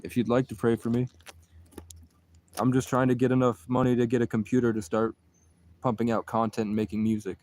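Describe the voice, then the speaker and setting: A man talking to camera in a rambling, intense monologue, swearing freely. His voice sits at an ordinary mid pitch. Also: little pitch movement, brisk, pauses often, darkish tone. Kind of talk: casual monologue.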